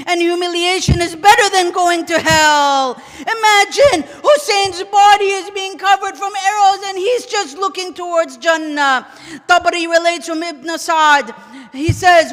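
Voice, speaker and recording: Impassioned preacher, high bright voice. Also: male voice, measured pace. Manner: impassioned, often shouting, chanting Arabic lines. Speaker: sheikh. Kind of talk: Ashura majlis sermon. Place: large mosque hall. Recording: long hall reverb.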